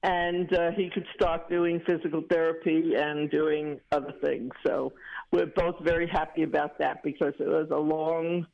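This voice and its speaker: A woman's voice: low-pitched, fairly even intonation, moderate pace, vocal fry. Chatty woman caller on a dull phone line. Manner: chatty, retells stories with laughter. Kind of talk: casual phone chat.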